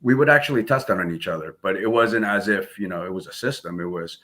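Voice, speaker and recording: A man's voice: low-pitched, fast, a bit bright. A man with a New Jersey accent, born in the Philippines, casually telling stories as a martial arts guest and acting out quoted dialogue with laughs. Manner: laid-back, laughing, acts out quoted dialogue. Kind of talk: casual storytelling interview.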